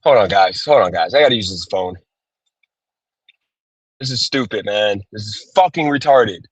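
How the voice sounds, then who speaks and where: A man's voice: on the low side, lively intonation, moderate pace, husky, no echo. Frustrated cursing man livestreaming from the road. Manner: cursing, exasperated, repeats himself. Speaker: gig worker livestreaming. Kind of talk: frustrated live-stream rant. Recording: dull dry phone audio.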